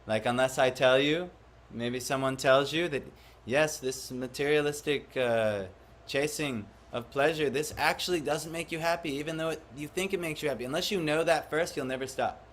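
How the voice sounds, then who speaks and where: A man's voice: a little high, normal speed, hardly any pauses, a bit bright, slight background noise. Man teaching a devotional class. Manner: questions the audience, acts out quoted voices. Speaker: spiritual teacher. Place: room with a live audience.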